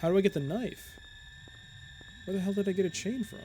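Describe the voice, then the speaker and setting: A man streaming a game live, thinking out loud in a chatty way and reading item descriptions aloud. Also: sits high, a little fast, slight background noise. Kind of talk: casual live game commentary.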